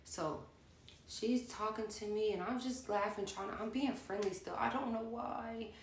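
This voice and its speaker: A young woman talks straight to her viewers in an animated storytime vlog, quick to turn and address them. Her voice sits mid-range and bounces off the walls of a roomy space at home. A faint hiss hangs underneath. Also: medium pitch. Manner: animated and chatty, keeps addressing the audience directly. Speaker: vlogger telling a personal story. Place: at home indoors.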